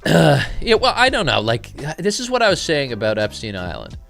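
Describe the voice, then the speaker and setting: A man hosting a live trading stream, trading irreverent jokes with his chat between quick remarks on his setups. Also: on the high side, wildly swooping pitch, creaky, a bit bright, soft background music. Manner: joking, irreverent banter mixed with trade commentary.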